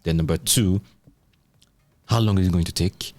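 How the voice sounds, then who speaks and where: A man with a very deep voice hosts a podcast, posing questions casually with playful asides. His sound is dry and close-miked. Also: moderate pace, darkish tone, dry recording. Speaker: podcast host. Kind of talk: casual tech discussion.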